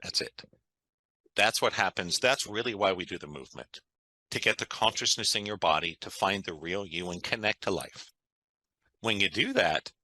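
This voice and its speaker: A man's voice: lowish voice, sharp tone, no echo, poor audio. Guy on an interview chatting away eagerly, keeps saying right?, dry close sound. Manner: enthusiastic, conversational, frequent "right?". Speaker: guest. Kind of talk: interview storytelling.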